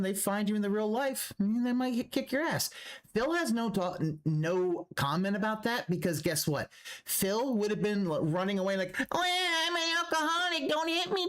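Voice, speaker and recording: A man streaming a reaction, ranting profanely and restarting his sentences as he goes. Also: high-pitched. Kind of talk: livestream reaction commentary.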